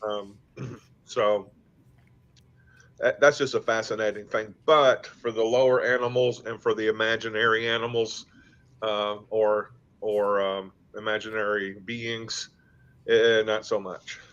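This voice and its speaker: A man's voice: on the low side, level tone, a bit bright. A man in a casual chat, speaking hesitantly with many restarts over dull lo-fi audio. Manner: hesitant, halting with fillers.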